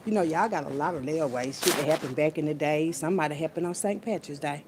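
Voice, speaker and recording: A woman's voice: sits low, quick pace, slight background noise. A woman, preaching casually and profanely into her phone in a spiritual vlog. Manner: animated, preachy, profane, Southern US slang.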